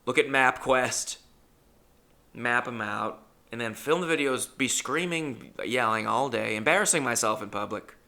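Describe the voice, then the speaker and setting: Comedian guy rambling through a story, gravelly fry in his voice, swears a lot. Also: medium pitch, unhurried, pushed and bright. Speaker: stand-up comedian. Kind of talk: casual storytelling monologue.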